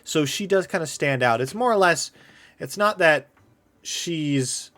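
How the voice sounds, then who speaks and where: A man's voice: fairly high pitch, lively intonation, a little slow, a bit bright. A man acting as game master, narrating a tabletop game casually, with many fillers. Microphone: desk microphone.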